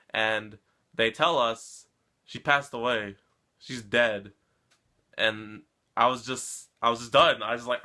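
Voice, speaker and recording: Bright-voiced man ranting about an anime episode. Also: fairly low pitch, steady tone, measured pace. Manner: emotional, rambling, keeps addressing viewers with "guys" and "come on". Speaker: anime reaction channel host. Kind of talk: casual episode reaction and recap.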